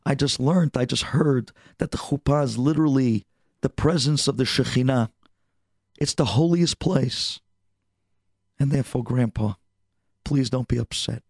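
The figure is an earnest young groom, sincere and gently pleading, voiced by a man telling the story. The voice sits slightly low and carries a husky, gravelly grain. It is recorded dry and close. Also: measured pace, long pauses, no room sound.

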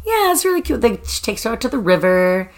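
A woman's voice: on the high side, fast. A woman chatting casually, retelling a book with playful character voices. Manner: animated retelling, acting out characters' lines. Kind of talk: casual book-club chat.

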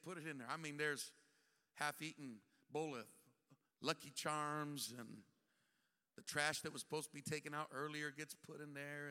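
A man's voice: fairly high pitch, sharp tone. A male bishop preaching a sermon, telling the story with humor and acting out the scenes. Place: church sanctuary. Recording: long church hall reverb.

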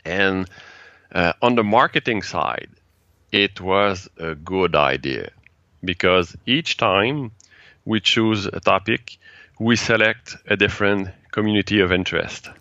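Interview guest, French-Canadian accent, native French speaker; low, slow, halting delivery, dull lo-fi sound. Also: male voice, bright, forceful tone, no room sound. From Quebec, Canada. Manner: halting, searching for English words, light laughs. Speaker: guest, event organizer. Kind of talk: casual interview chat.

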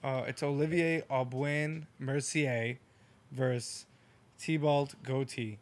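A man co-hosting a podcast who talks in a relaxed way and stumbles over names. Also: mid-range voice, takes it slowly. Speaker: podcast co-host. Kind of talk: casual chat.

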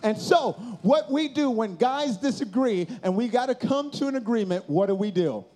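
A man's voice: very high voice, lively intonation, normal speed, darkish tone. A man telling a comedic story to a crowd, acting out the dialogue with big swings in his voice. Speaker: youth event speaker.

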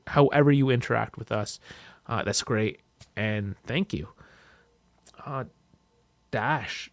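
A man co-hosting a casual podcast, talking in an animated way that jumps loud and high when he gets excited. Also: no echo. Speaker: podcast co-host.

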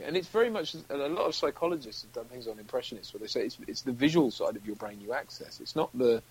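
A man's voice: medium pitch, expressive, quick pace, hardly any pauses, slightly rough, poor audio. A British man, an actor, chatting casually as an interview guest, rambling and acting out quotes with frequent laughs. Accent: British English. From United Kingdom.

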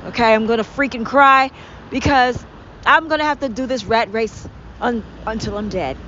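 A woman's voice: a little high, normal speed, a bit bright. A woman hosting her own podcast, ranting sarcastically and with exasperation about annoying coworkers, swearing freely as she goes. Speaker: podcast host. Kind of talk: ranting monologue. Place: vehicle with traffic outside. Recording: dull lo-fi sound with faint street noise.

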